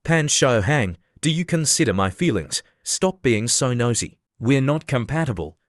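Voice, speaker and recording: A man's voice: mid-range voice, big pitch swings, moderate pace, no echo, studio quality, close to an everyday voice. A man voicing a young woman who turns an unwanted suitor away in a cold, dismissive way. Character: cool young woman student.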